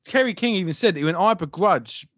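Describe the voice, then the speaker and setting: A man's voice: high voice, lively intonation, brisk, a bit bright, no echo, highs cut off. A man co-hosting a casual podcast chat, telling stories animatedly and swearing freely. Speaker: podcast co-host.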